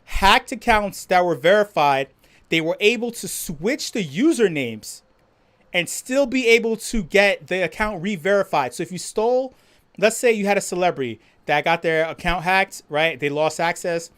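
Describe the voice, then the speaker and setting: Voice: medium pitch, moderate pace. A livestream host chatting casually, reading viewer comments and ranting with lots of swearing and laughter. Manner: profane, laughing, animated rant.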